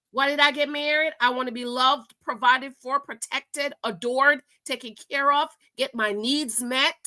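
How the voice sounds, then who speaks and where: Bright, high-voiced woman telling stories. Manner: emphatic, animated, laughs often, says "okay?" a lot. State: married. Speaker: host of a reaction channel. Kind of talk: casual reaction commentary and storytelling.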